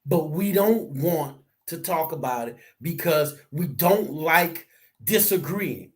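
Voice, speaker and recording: A man co-hosting a casual discussion, talking in a preachy, animated way that rises to near shouts. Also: fairly high pitch, takes it slowly.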